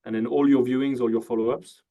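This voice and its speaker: A man's voice: medium pitch, fairly even intonation, fast, narrow, tinny audio. A man hosting a casual interview, easygoing, filling gaps with "you know" and "uh". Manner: easygoing, lots of fillers, asks leading questions. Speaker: host. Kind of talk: casual interview on a video call.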